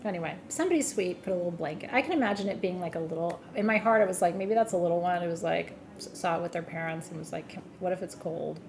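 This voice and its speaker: A woman with a fairly low voice talks rapid-fire while hosting a live gem sale. She chats casually, jokes, tells funny stories and laughs often, keeping things animated as she sells her products.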